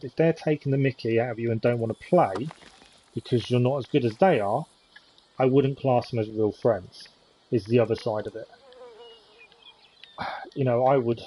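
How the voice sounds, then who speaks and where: Mellow-voiced man streaming gameplay. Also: medium pitch, breathy edge, poor audio. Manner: chatty, thinks aloud while playing and chats with viewers. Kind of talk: live-stream gameplay commentary.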